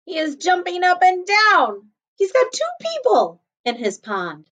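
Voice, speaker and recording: A woman kindergarten teacher reading a picture book aloud to children, gently stopping to explain words. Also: very high-pitched, huge pitch swings, unhurried, poor audio.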